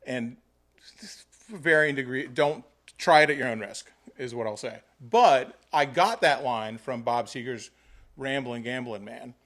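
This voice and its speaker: A man in casual conversation who rambles through his stories and swears freely. His pitch sits in an ordinary middle range. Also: unhurried, fairly bright tone. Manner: rambling, profane storytelling. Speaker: podcast host. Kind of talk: casual chat.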